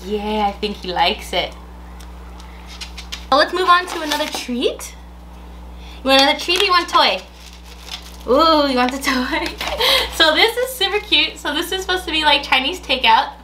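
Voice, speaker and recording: A woman's voice: sits high, animated, moderate pace, pauses often, bright, forceful tone, a little hiss or hum. A woman casually unboxing a pet subscription box, chatting in a coaxing sing-song baby-talk voice to her dog, with gasps and laughs along the way. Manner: gasps and laughs as she chats.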